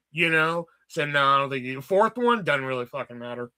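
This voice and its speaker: A man in his thirties hosting a casual livestream, rambling and swearing as he tells animated stories. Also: a little high, brisk, hardly any pauses. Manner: rambling, profane, animated storytelling. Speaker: livestream host.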